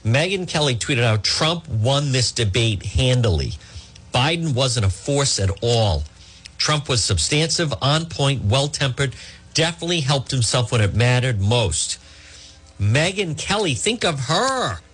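Lively husky male talk-radio host. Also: medium pitch, unhurried. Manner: animated, emphatic, mocking voices of opponents. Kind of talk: political talk radio monologue.

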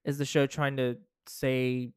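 A podcast co-host talking through ideas in casual chat, hedging and restarting as thoughts form. The voice is smooth and clear, recorded dry and close with no room sound. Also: medium pitch, flat delivery, measured pace, darkish tone, no room sound.

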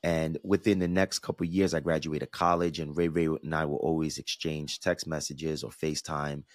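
This is a rumbling low male voice with little pitch movement, speaking at normal speed with no room sound. The speaker, a thirtysomething podcast host from the New York–New Jersey area on the US East Coast, shares a personal story in an earnest, reflective way, frequently starting over.

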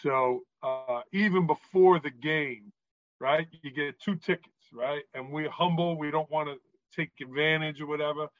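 A man from New York tells animated stories as a podcast guest, often checking in with "right?". His voice sits a bit high. The recording is dry and a little dull. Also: normal speed, no echo. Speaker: guest, author and former referee. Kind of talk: storytelling in a podcast interview.

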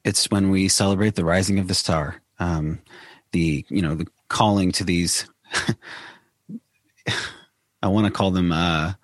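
A man's voice: low voice, steady tone, a little slow, pauses often, no echo, clean studio sound. A man who belongs to a church, speaking as a guest in a casual conversation, hesitant and often searching for words.

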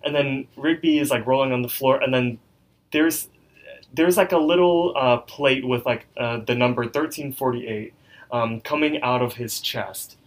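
A man's voice: mid-range voice, moderate pace. Man casually recapping a cartoon episode. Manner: retells the plot loosely with um and like. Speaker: podcast co-host.

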